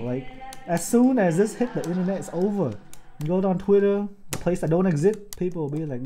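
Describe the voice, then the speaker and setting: Excitable, foul-mouthed man streaming a build. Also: a little high, fairly quick, soft background music. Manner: excitable, profane, joking, talks to chat. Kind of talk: casual livestream commentary while building.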